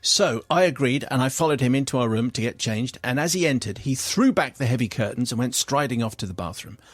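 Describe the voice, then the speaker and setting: A man's voice: expressive, brisk, no echo. A man, a radio host, reading a listener's funny letter aloud with comic flair. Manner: comic storytelling, swings into high squeals for the letter writer's cries. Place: radio studio.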